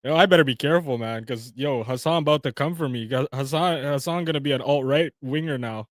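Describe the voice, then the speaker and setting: A man's voice: medium pitch, a little fast, dry recording, clean studio sound. A man hosting a livestream, reacting to video clips in a mocking, slangy way and laughing often. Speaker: livestream host.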